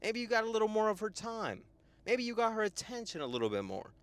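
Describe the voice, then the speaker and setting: A young man and life coach giving a profane, lively motivational monologue, often tagging "right?". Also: high voice, fast talker, clear, resonant tone, no room sound. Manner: animated, profane, full of "right?" tags.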